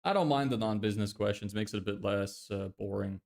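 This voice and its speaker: A man's voice: fairly low pitch, quick pace, gravelly, darkish tone. A young man casually chatting on a live stream, exasperated and swearing often as he answers viewers. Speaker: livestreamer.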